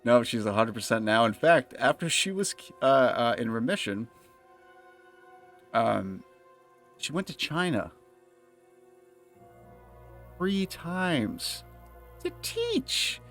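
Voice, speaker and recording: Animated, swearing young man streaming. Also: mid-range voice, slow pace, pauses often, soft background music. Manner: profane, rambling storytelling with frequent laughs. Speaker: livestreamer playing a game. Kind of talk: casual chat while gaming.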